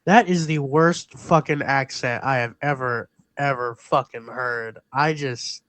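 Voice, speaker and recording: A man's voice: mid-range voice, unhurried, fairly bright tone, dry recording. A man on a casual movie podcast speaks bluntly in a mid-range voice, cursing often. His takes come out short and direct. The sound is dry and close to the mic. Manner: blunt and profane. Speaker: podcast co-host. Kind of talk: casual film discussion.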